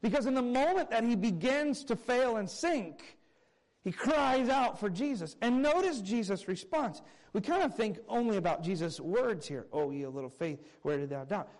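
A man preaching a sermon, explaining a scripture passage with earnest emphasis and quiet low asides. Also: moderate pace, poor audio. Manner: earnest expository preaching, reading scripture aloud; animated, swinging between raised emphasis and quiet low asides. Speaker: pastor.

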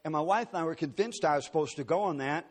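A man with a fairly high voice and a quick pace preaches a sermon to a church congregation. He weaves in personal stories along with folksy, joking asides.

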